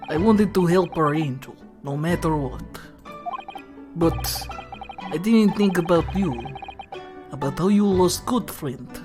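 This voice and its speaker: A woman voicing a young male law student, reading his game lines softly and earnestly. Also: lowish voice, measured pace, pauses often, over music, close to an everyday voice. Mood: regretful.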